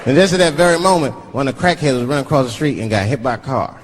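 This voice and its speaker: A male stand-up comedian telling a profane story, animated, acting out voices of the people in it. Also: medium pitch, very fast, crowd noise. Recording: live show with audience laughter and noise.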